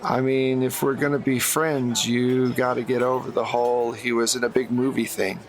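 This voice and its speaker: A man's voice: medium pitch, level tone, normal speed, close to an everyday voice. A man voicing a jaded, teasing male film producer in a tabletop game, talking with dry, sarcastic banter. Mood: wry. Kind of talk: tabletop role-play character voice.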